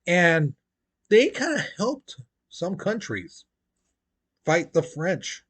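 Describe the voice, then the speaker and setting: A man's voice: high voice, big pitch swings, very slow, fairly bright tone, slightly rough. A man teaching a history lesson in a casual, chatty way, full of "you know" and "basically", acting out quotes in playful voices.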